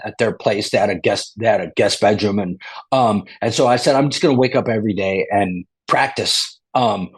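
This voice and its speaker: Husky man telling a rambling story. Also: mid-range voice. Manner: rambling, repeats and restarts, surfer-like slang. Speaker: guest. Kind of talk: casual storytelling.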